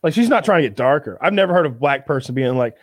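A man's voice: fairly high pitch, sing-song, racing, no echo, studio quality. A man telling a crude comedic story on a video call, rambling with lots of repeated filler words and swearing.

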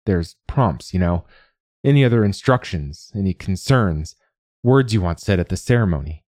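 A man voicing a tall, lonely younger man who speaks quietly and calmly. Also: deep voice, moderate pace, no echo, clean studio sound. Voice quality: quiet, soft-spoken.

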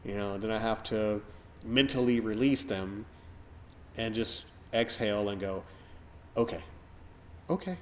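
Rambling middle-aged man hosting, low voice. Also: fairly even intonation, measured pace, slight background noise. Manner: rambling, reflective, many fillers. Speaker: podcast host. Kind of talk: casual podcast chat.

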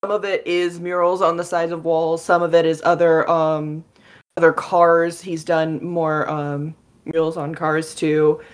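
A woman's voice: deep voice, flat delivery, unhurried, smooth. A young woman playing a tabletop game, talking casually with lots of fillers. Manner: rambling, lots of likes and ums. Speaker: player. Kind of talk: casual tabletop role-play.

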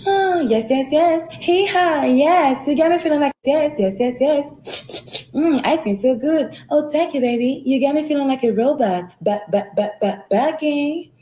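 A woman's voice: high voice, a little slow, dark tone. A woman playing a robotic livestream NPC character who chants the same short catchphrases over and over in a mechanical way. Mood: chirpy robotic.

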